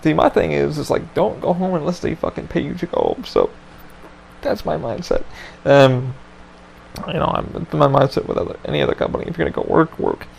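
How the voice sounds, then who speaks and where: A man's voice: on the high side, sing-song, a little fast, gravelly, slight background noise, rough recording. A man hosting a podcast, telling a story in a casual chat with lots of swearing and loose rambling. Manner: profane, laid-back, loose rambling. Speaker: podcast host.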